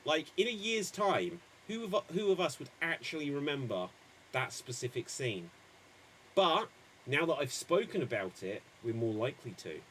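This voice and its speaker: Male improv host, high bright voice, very lively, upbeat chatty patter. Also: normal speed, a little hiss or hum. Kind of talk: hosting an improv comedy stream.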